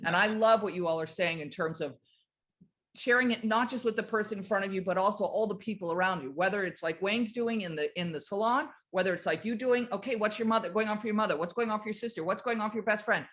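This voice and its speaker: A woman in her fifties with a mid-range voice tells an enthusiastic, animated story over a video call. She speaks as a sales team leader inspiring her group. Her delivery is lively and warmly persuasive. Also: medium pitch, fast talker. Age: 50s. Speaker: network marketing team leader.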